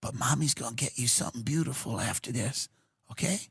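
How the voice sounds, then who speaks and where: A guy doing a creepy mom voice, dropped way low and hushed, coaxing like a lullaby, dry close sound. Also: animated, brisk, gravelly, breathy edge, dry recording, heavily acted. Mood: menacing coaxing. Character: sinister soothing mother, woman, adult.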